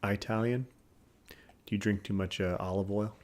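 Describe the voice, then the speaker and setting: A man's voice: lowish voice, steady tone, normal speed. A man co-hosting a podcast, spinning graphic, profane stories in loose casual chat. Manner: drawling, graphic storytelling with fillers. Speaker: podcast co-host.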